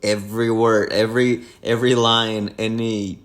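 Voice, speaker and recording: A man's voice: fairly low pitch, flat delivery, moderate pace. A man co-hosting a casual film-review podcast, amused, laughing mid-sentence and restarting his thoughts. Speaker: podcast co-host.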